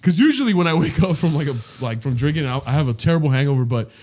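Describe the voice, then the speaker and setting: A young man with a slightly high voice rambles through a story about himself, poking fun at his own antics and swearing as he goes. He stumbles and restarts often, like someone talking off the cuff with a friend. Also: animated, very fast, a little mellow, a little hiss or hum. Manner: rambling storyteller, self-mocking, swears a lot, many restarts and laughs. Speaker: podcast co-host. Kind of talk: casual chat.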